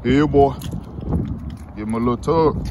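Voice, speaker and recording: A laid-back man chats easily in a casual vlog, his voice sitting at an ordinary middle pitch. He talks with a coaxing, chatty ease. The recording carries plenty of outdoor street noise behind him. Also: a little slow. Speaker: vlogger, dog owner. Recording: noisy outdoor street sound.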